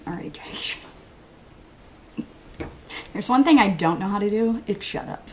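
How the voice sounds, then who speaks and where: A young woman chatting through her makeup routine in a get-ready-with-me vlog at home, rambling, excitable and laughing at herself. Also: mid-range voice, unhurried, pauses often, slight background noise. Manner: rambling and self-mocking, laughs often; excitable, hyper. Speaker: beauty vlogger.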